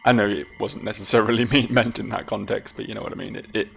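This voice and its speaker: British man, wry gameplay commentator, low and gravelly. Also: flat delivery, a little fast, fairly bright tone, soft background music. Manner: musing, wry asides. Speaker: let's play host.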